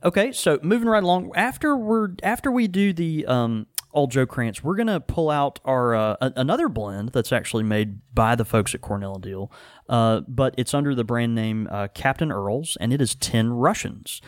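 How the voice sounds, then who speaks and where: A podcast host chats casually about pipe tobacco, rambling along with plenty of fillers and quick laughter. His voice is medium-pitched at a moderate pace, recorded in studio quality with no room sound.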